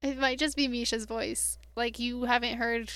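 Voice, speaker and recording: A woman co-hosting a podcast in casual chat, animated and teasing as she recaps scenes. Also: on the high side, normal speed, smooth, no echo. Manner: animated, teasing, reads lines aloud. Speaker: podcast co-host.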